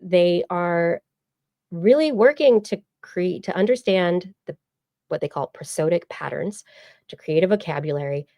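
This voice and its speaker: A woman's voice: fairly low pitch, a little slow, dark tone, dry recording, studio quality. A woman hosting a science podcast, explaining at length in casual chat with plenty of fillers. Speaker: podcast host.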